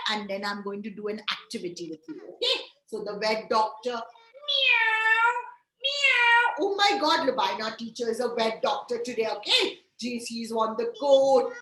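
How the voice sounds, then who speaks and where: A woman preschool teacher telling a story to young children, animated, sing-song and coaxing. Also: on the high side, echoey room, rough recording.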